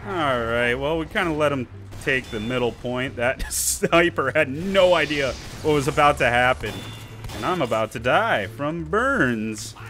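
A gaming YouTuber narrates his own gameplay with playful jokes and asides, even addressing enemy players. His medium-pitched voice is expressive, pushed and bright, at a measured pace, with faint music behind him.

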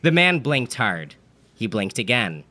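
A man's voice: mid-range voice, sing-song, a little slow, bright, forceful tone. A man telling an absurd comedic story in a dry, matter-of-fact manner. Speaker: narrator.

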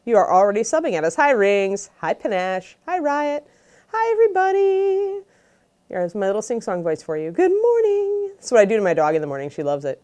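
A woman's voice: medium pitch, fast talker, few pauses, darkish tone. A woman casually hosting a livestream, chatting and greeting viewers by name. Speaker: host of a miniature painting livestream.

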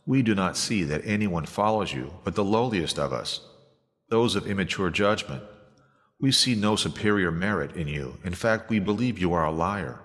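A man voicing a scornful crowd of unbelieving men in a measured, solemn reading. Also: low voice, animated, a bit bright. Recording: long hall reverb.

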